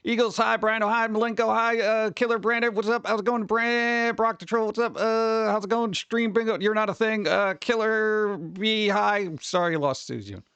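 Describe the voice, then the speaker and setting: Host excitable streamer guy, high voice, dry close sound, rambling chat. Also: normal speed, few pauses, smooth, no room sound, lo-fi sound. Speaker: livestream host. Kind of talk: casual live-stream chat.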